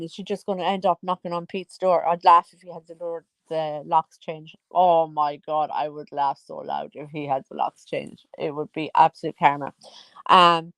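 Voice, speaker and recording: A woman's voice: lowish voice, fairly bright tone, no echo. A woman in her forties giving casual, teasing gossip commentary as a vlogger. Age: 40s. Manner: chatty, teasing, sing-song asides.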